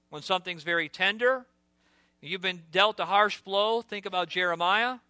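A man preaching a sermon as pastor, earnest and direct, sometimes dropping to a hushed voice for storytelling asides. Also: high voice, dry recording.

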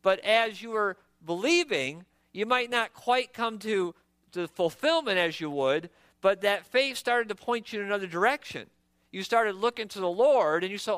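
A man's voice: high-pitched, moderate pace, a bit bright, smooth, dry recording. A man preaching a sermon in an earnest, emphatic way, repeating words as he builds each point.

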